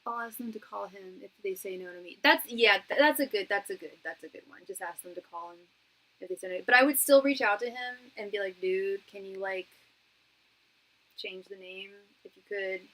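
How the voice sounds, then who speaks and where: A woman's voice: medium pitch, expressive, fast, fairly bright tone, low-quality recording. A woman tarot reader doing a live-stream reading, talking in a chatty, slangy way, calling viewers girl and hon and thanking them for donations. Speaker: tarot reader and psychic medium.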